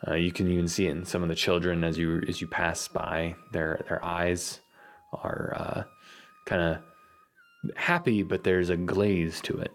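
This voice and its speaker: A man narrating as game master of a tabletop game, lively and halting, with many fillers. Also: sits low.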